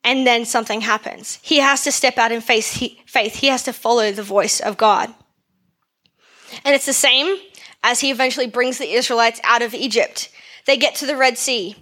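A woman's voice: fairly high pitch, normal speed, bright, forceful tone. A woman preaching a sermon in a conversational way, asking her listeners questions and repeating phrases for emphasis. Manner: conversational, asks the congregation questions.

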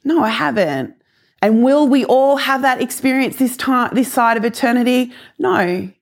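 A woman in her forties sharing a personal faith testimony. She tells it earnestly and emotionally, dropping to hushed lows and rising to excited highs. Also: normal speed, gravelly. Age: 40s.

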